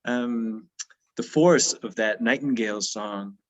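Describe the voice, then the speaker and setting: A man's voice: mid-range voice, takes it slowly, poor audio. Thoughtful man discussing poetry, many ums. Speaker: poetry and birdsong lecturer.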